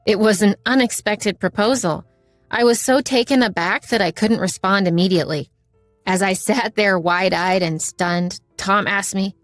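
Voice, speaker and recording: A woman reading a scripted first-person story in a steady, measured way. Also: medium pitch, no room sound, soft background music. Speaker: narrator.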